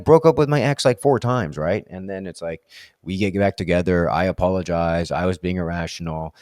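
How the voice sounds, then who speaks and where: A man's voice: lowish voice, fairly quick, no echo, clean studio sound. A man talking through his thoughts in a candid solo vlog, rambling and self-questioning, leaning on "like" and "right?". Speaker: vlogger. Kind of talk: reflective solo monologue.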